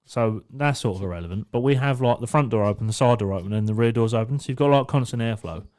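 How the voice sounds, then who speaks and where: A man co-hosting a casual podcast. He is blunt and swears freely, often breaking into laughter as he tells his stories. His voice has a plain, middle male pitch. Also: quick pace, darkish tone. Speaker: podcast co-host. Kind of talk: casual chat.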